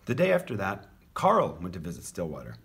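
A man reading a children's picture book aloud as a teacher, with expressive, animated storytelling. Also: sits low, a little fast, slight background noise.

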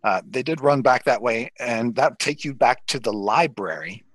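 A man narrating as dungeon master, relaxed and pausing often as he describes the scene and rules. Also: mid-range voice, dry recording, poor audio. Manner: relaxed, with frequent pauses and fillers. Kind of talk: narrating a tabletop game.

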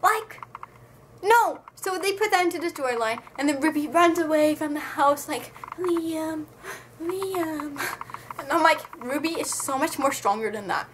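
A woman's voice: sits high, expressive, a little fast, hardly any pauses, a bit bright, a little hiss or hum, low-quality recording. A woman giving a casual, exasperated review to camera, talking in slang and ranting with a lot of energy. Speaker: book and movie reviewer.

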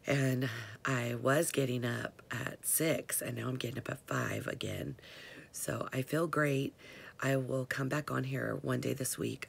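An older woman, hoarse and half-whispering, chatting casually to her followers from home in the morning. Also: rumbling low, steady tone, moderate pace. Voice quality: gravelly. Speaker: vlogger.

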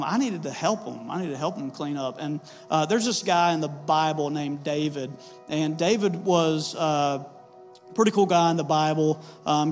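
A man in his thirties, a pastor preaching a sermon in a casual storytelling way, with plenty of uhs and ums. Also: on the high side. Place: church sanctuary. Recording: reverberant church hall with soft music.

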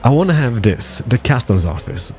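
A man hosting a gameplay video, commentating casually in a playful, excitable way with jokey asides. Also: mid-range voice, normal speed, soft background music.

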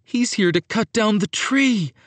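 Brief: quick-thinking young boy in a storybook, read by a male narrator, raised boyish voice, lively. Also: high-pitched, no echo, voice pushed up.

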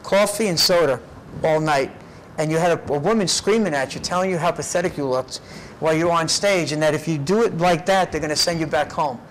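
A man in his fifties telling lively personal stories as an interview guest, often tagging his sentences with "right?". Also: on the high side, brisk, slight background noise, rough recording. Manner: lively, tags phrases with "right?". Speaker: interview guest, karate teacher. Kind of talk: animated personal storytelling. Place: karate gym.

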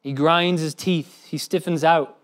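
A man's voice: a little high, a little slow. Male pastor with a slightly raised voice, preaching with feeling and voicing the quotes. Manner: expressive preaching, acts out quoted speech. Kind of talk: sermon.

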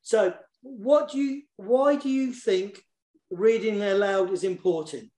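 A man's voice: high voice, slow, reverberant. A man, a children's poet and author, talking casually and eagerly in an online session, often repeating words as he goes. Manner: warm and enthusiastic, repeats words while searching for them.

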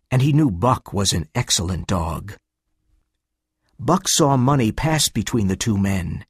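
A man reading a storybook aloud slowly and carefully for English learners. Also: mid-range voice, dry recording, clean studio sound. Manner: slow, careful, clearly paced reading.

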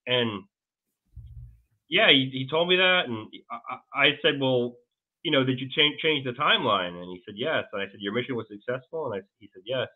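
A man being interviewed as a guest, telling a long story in a rambling, halting way with many restarts. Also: medium pitch, animated. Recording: tinny phone-like line.

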